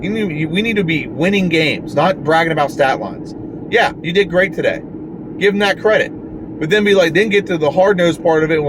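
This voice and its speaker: A man's voice: on the high side, fairly quick, noisy background. A man ranting frustratedly and bluntly as a sports fan, swearing often.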